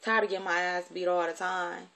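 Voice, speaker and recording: A woman's voice: on the low side, flat delivery, brisk, vocal fry, fairly bright tone. A woman telling a personal story from her childhood in a candid, conversational way, with plenty of profanity.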